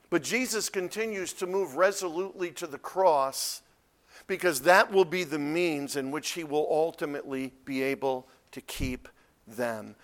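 A man preaching an expository sermon, swinging from loud, emphatic peaks to quiet, low asides. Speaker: pastor.

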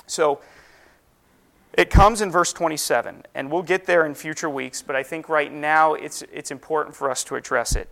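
Gravelly man teaching the Bible. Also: a little high, a bit bright. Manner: explains step by step, asks and answers his own questions. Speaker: Sunday school teacher.

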